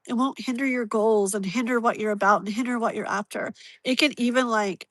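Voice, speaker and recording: A woman's voice: a little high, a bit bright, no echo, rough recording. Chatty woman tarot reader, stuffy nose. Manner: chatty, rambling, full of "like". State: blocked nose, can't breathe through it. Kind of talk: live-stream tarot reading.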